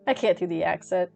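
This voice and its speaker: Giggly young woman chatting slow to her stream, lively voice swinging all over. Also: fairly low pitch, gravelly. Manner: giggly, laughs constantly. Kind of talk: casual chat with viewers.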